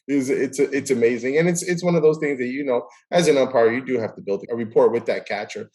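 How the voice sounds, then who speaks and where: A host runs a casual interview, telling stories animatedly and performing the dialogue himself. His medium-pitched voice comes quickly with hardly any pauses. The recording is rough.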